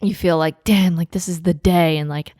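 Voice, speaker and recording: A woman's voice: lowish voice, fairly even intonation, normal speed, darkish tone, dry recording, studio quality. A young woman co-hosting a podcast, chatting casually with lots of fillers, swearing and laughter. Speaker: podcast co-host. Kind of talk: casual chat.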